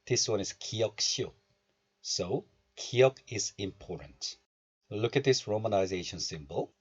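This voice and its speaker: Male language teacher, low husky voice, lively pitch, patient syllable drills, dull lo-fi recording. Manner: explains step by step and repeats syllables slowly for learners. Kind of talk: recorded pronunciation lesson.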